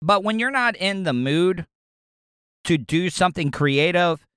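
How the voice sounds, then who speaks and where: A man's voice: high-pitched, animated, measured pace, fairly bright tone, clean tone, dry recording, studio quality. A man with a Southern US accent hosting his own podcast, chatting loosely and rambling with repeated words. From American South. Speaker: podcast host. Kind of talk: casual solo podcast talk.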